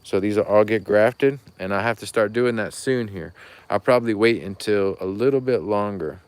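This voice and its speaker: A man walks through his outdoor plant nursery after dark, talking to viewers about his trees. He rambles in a chatty, folksy way. His voice drifts off the handheld camera's mic now and then. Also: fairly low pitch, moderate pace, clear, resonant tone, no echo. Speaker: rare fruit tree grower and seller. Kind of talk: casual walking tour, talking to viewers.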